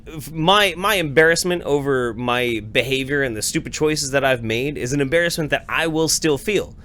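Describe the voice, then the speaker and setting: A man's voice: mid-range voice, pushed and bright. A man hosting a live podcast, talking bluntly and emphatically with heavy swearing. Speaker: podcast host. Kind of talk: profane casual chat.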